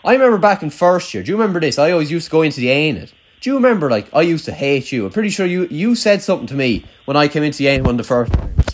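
A man's voice: a little high, sing-song, rapid-fire, hardly any pauses. A young Irish man who hosts, telling rambling, sweary, self-mocking stories in casual banter with an old schoolmate.

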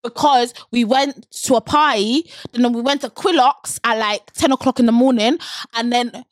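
Laughing as she tells stories, this chatty podcast host is a young Londoner in her twenties from the United Kingdom, keeping the conversation casual and animated. She speaks at normal speed in a voice on the high side, recorded without echo.

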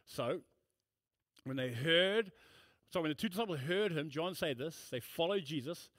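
A man's voice: a little high, lively intonation, normal speed, a bit bright, dry recording. A man preaching a sermon in a church, emphatic and repetitive, breaking into casual storytelling asides. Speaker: pastor.

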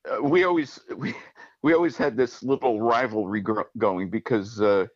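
A man's voice: medium pitch, normal speed, dry recording, lo-fi sound. A man speaking as an interview guest, telling a story with lots of fillers and restarts while he searches for words. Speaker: guest, arranger and musician.

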